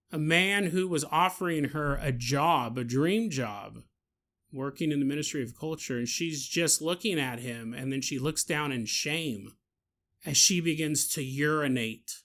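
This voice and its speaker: Animated, jokey male podcast storyteller. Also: fairly high pitch. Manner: animated, jokey, laughs at his own asides. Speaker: podcast host. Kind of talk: comedic storytelling narration.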